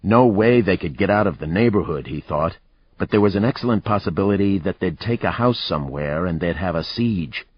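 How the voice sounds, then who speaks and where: A man narrating a thriller audiobook in a measured, even storytelling manner. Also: sits low, a little hiss or hum. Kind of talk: scripted narration. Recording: dry, slightly muffled recording.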